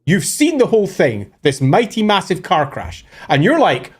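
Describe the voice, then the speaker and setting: A man co-hosting a live lore stream, excitable and swearing, acting out scenes as he explains. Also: high-pitched, moderate pace, a little hiss or hum.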